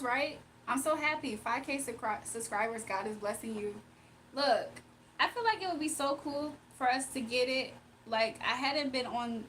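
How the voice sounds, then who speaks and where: A young woman from Virginia hosting a casual livestream, reading comments aloud, emotional and quick to laugh. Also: high-pitched, fairly bright tone, a little hiss or hum. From Virginia, USA. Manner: emotional, giggly, talks to chat. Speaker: livestream host.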